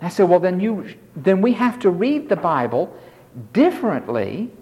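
A man's voice: high-pitched, big pitch swings, moderate pace, warm tone. A man preaching a sermon in an emphatic, dramatic way. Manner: emphatic, dramatic, mimics pleading tones. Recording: long hall reverb.

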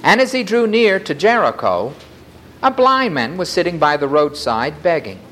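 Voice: mid-range voice, sing-song, normal speed, fairly bright tone, a little hiss or hum. A preacher giving a sermon, reading scripture passages aloud and lifting the voice for quoted cries.

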